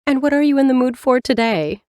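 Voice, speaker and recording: A woman's voice: high-pitched, expressive, a little fast, darkish tone, dry recording, studio quality, pitched above the performer's own voice. A woman reader voicing a chatty, friendly female librarian who talks eagerly about books. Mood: bubbly. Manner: bubbly, eager, talkative.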